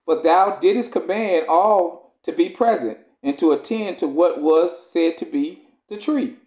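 A man's voice: fairly high pitch, measured pace, a little mellow, lightly acted. A man reading aloud the pleading lines of a male prophet in archaic scripture language. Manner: reads archaic scripture, rising pleas. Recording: roomy echo.

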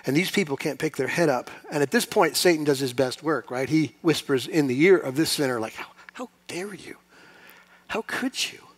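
Male pastor, fairly high voice, impassioned sermon delivery with emphatic build-ups. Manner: impassioned, rising to loud emphatic peaks; rhetorical questions to the congregation.

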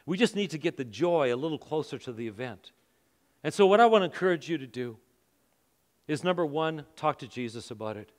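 A man's voice: on the high side, lively intonation, moderate pace. A middle-aged man who is a pastor, preaching a sermon and telling a personal story, acting out his own thoughts with growing intensity. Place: church auditorium. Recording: long hall reverb.

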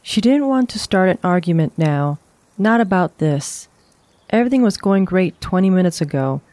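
A woman narrating a horror short story in a calm, even storytelling voice. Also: lowish voice, moderate pace, no echo.

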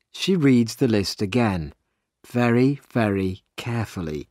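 A man narrating a simple story slowly and clearly for English learners. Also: fairly low pitch, no room sound, clean studio sound. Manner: slow, clear and expressive reading.

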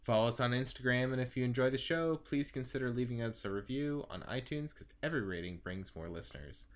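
A man co-hosting a movie podcast in casual chat, animated, peppering his talk with "like". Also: medium pitch, quick pace. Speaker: podcast co-host.

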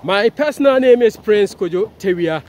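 A man's voice: high voice, expressive, moderate pace, a little mellow, slight background noise. A Ghanaian man with a Ghanaian accent, talking casually to camera in a vlog, chatty and repetitive, often correcting himself. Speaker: vlogger and journalist.

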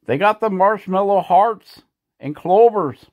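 A man's voice: high voice, expressive, unhurried, phone-quality sound, pitched above the performer's own voice. A sprightly little leprechaun, as a man puts him on, chirping his answer in a raised voice that sits well above an ordinary man's. He is cheery and matter-of-fact, a playful figure in a hobby video. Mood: chirpy.

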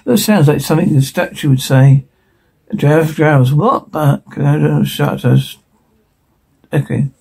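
Male solo dubber voicing the full cast; gravelly, husky, mellow tone, reads sound cues aloud. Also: a little high, slow, rough recording. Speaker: voice performer. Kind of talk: solo dub of a TV scene.

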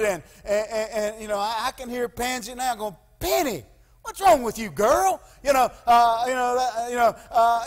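A pastor preaching in a high voice, halting often on 'uh' and restarting his phrases. His sermon rings with the long reverb of a church hall. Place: church sanctuary.

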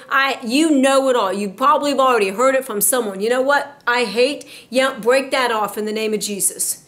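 Emphatic woman preacher, fairly high voice. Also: a bit bright. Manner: emphatic, exhorting, slows down to stress points. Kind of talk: sermon.

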